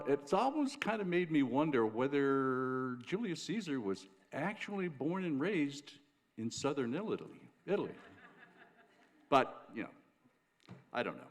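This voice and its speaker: A man opens an event from the stage at an unhurried pace. He stumbles through fillers and restarts, and his voice swings widely in pitch. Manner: halting, with many fillers and restarts. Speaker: organization president. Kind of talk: welcoming speech with a joke. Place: auditorium stage.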